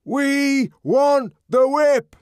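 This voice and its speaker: A man voicing a mocking crowd of sightseers in an audiobook, chanting loud demands in rhythm. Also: very high-pitched, drawn-out words, dry recording, clean studio sound, pitched above the performer's own voice, heavily acted. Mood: jeering.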